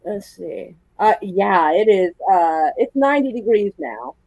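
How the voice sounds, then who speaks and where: A woman's voice: mid-range voice, lively intonation, measured pace, a little mellow, dry recording, poor audio. Woman livestream host, casual and profane, laughs easily, dry close recording. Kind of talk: casual chat. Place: indoors at home.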